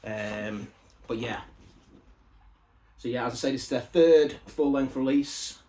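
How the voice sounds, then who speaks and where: A man talks casually as he shows off a parcel of records. He rambles into asides, and his voice drops softer whenever he wanders off on a tangent. His voice sits at an ordinary middle pitch. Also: unhurried. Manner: rambling and chatty, with asides and side stories. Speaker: record collector showing a parcel of vinyl albums. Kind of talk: casual unboxing chat to camera.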